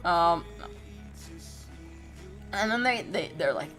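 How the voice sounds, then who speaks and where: A woman's voice: lowish voice, animated, slow pace, fairly bright tone, soft background music. A young woman telling a story casually as a streamer, profane and exasperated, with laughing squeals. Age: young adult.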